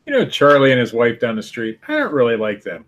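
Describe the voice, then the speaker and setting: A man's voice: medium pitch, big pitch swings, fairly bright tone. A man co-hosting a podcast, chatting casually and tossing in wisecracks. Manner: wisecracking, quick reactions. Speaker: podcast co-host. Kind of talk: casual chat.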